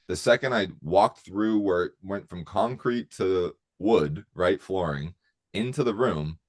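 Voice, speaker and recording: A man telling a rambling, profane story in casual chat, full of fillers. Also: deep voice.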